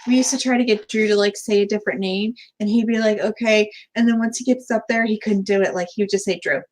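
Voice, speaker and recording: A woman's voice: mid-range voice, fairly even intonation, fast, darkish tone, rough recording. A woman from central Florida co-hosting a casual live chat, telling stories with frequent laughter. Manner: chatty storyteller, laughs often. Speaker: co-host of a live chat stream.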